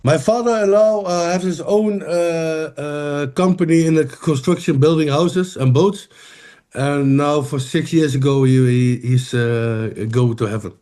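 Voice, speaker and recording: A middle-aged man from the Netherlands with a Dutch accent, a podcast guest speaking halting English and searching for words. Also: a little high, mellow. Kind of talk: casual interview chat.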